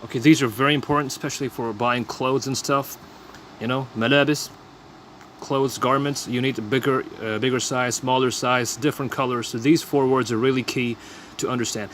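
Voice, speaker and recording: Man, language teacher, quick pace, patient repetition, faint background noise. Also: mid-range voice, fairly even intonation, fairly bright tone. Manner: repeats phrases, explains each word plainly. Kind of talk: casual vocabulary lesson.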